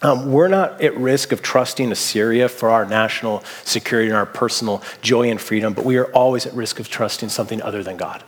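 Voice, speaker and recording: A man's voice: mid-range voice, fairly quick, hardly any pauses, breathy edge, big-room sound. Man preaching a conversational sermon. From Seattle area, US. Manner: casual, anecdotal storytelling with fillers. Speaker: pastor.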